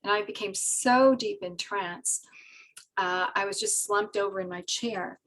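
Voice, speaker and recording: A woman telling a personal story in an animated, rambling way, laughing often and using many fillers. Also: mid-range voice, a little slow, far from the mic, poor audio. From Britain. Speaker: guest telling her spiritual story.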